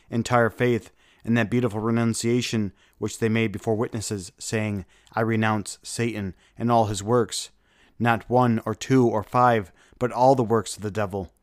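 A man giving a solemn, measured devotional reading of saints' lives, with a few small slips. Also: medium pitch, no echo, clean studio sound.

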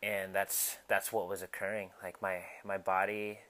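A young man in his twenties telling a personal story in a candid, halting way, with many ums and restarts, recorded at home. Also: low-pitched, level tone, fairly bright tone. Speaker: podcast host. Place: his apartment, cleaning up. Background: household noise.

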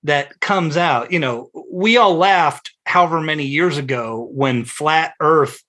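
A middle-aged man hosting a podcast, telling stories in casual, profane, animated chat. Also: fairly high pitch, measured pace. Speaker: podcast host.

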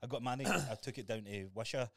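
A young Scottish man co-hosting a podcast, telling stories in a sweary, animated way. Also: mid-range voice, fast, gravelly, no room sound. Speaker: podcast co-host. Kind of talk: casual chat.

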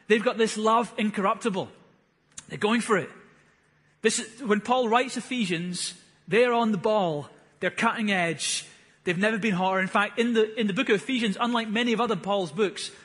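Preaching a sermon at the front of a church hall, a man in his thirties speaks in a fairly high, slightly bright voice with a husky, breathy edge. His earnest delivery swells into fervent, emphatic outbursts, with long reverb lingering after every phrase.

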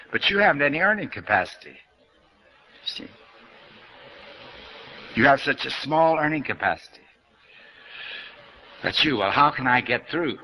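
Man preaching new thought stuff, super bright voice, chatty and folksy, drops bible verses. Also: mid-range voice, poor audio. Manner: conversational, folksy, quotes scripture. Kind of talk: spiritual lecture. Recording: archival lecture recording.

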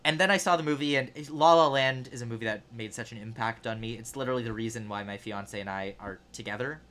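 Young male podcast co-host, bright tone, animated storyteller, self-mocking. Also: mid-range voice, quick pace. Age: 20s. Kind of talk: casual chat, storytelling.

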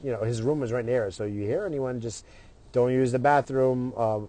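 A man's voice: mid-range voice, normal speed, dark tone. A middle-aged man telling a story in a casual, profane way, acting out what other people said in his own voice.

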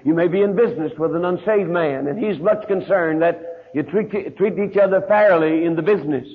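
A man preaching a sermon in a church, who slows and drops into a heavy hush on his key words. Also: fairly high pitch. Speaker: pastor. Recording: tinny lo-fi archive tape.

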